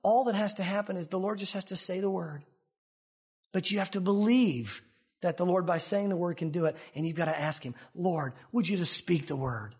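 A male pastor preaching a sermon in an animated way, swinging between emphatic and hushed delivery. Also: high voice, brisk, slightly rough.

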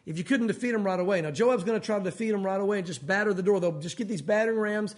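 A man with a high-pitched voice delivers a sermon. He tells the story in an animated, conversational way, with casual asides to the listeners. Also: rapid-fire. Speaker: preacher. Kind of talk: expository sermon.

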